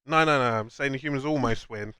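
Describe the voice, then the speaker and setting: A man's voice: medium pitch, quick pace, sharp tone, clear, resonant tone, no room sound. A young man co-hosting a casual film chat, enthusiastically explaining ideas in long chains. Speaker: co-host.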